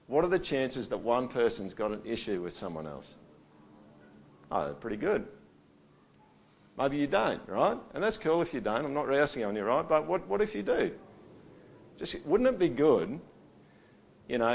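A middle-aged man preaching a sermon in a chatty way, often checking in with "all right?" and swinging between loud and soft. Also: medium pitch. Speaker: pastor.

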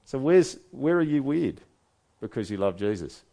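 A man's voice: mid-range voice, big pitch swings, normal speed, gravelly, warm tone. A man preaching a sermon in a conversational way, asking his listeners one rhetorical question after another. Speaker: pastor.

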